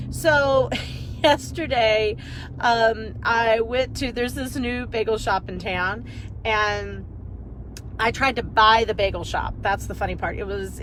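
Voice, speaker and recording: A woman business coach chatting casually on a live video, rambling and energetic, talking into a phone while driving. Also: medium pitch, a little hiss or hum, low-quality recording.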